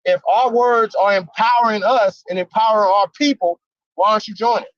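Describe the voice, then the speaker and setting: Livestream guest, male, high-pitched, slangy and emphatic, dry lo-fi audio. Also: steady tone, brisk, no echo. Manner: emphatic, slangy, full of rhetorical questions. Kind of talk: casual heated debate talk. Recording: dry, dull lo-fi stream audio.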